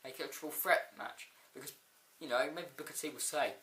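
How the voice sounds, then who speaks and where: A man talks through a casual wrestling review in a rambling, excitable way, full of fillers and sudden outbursts. His voice is bright and sits a little high. The recording picks up a lot of room echo. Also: a little fast, slight background noise. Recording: echoey room.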